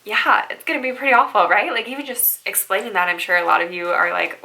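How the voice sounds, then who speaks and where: Bright, upbeat woman giving pep talk. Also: mid-range voice, fairly quick, vocal fry, rough recording. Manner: upbeat, chatty, keeps asking "right?". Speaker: bridal stylist. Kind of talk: motivational vlog talk.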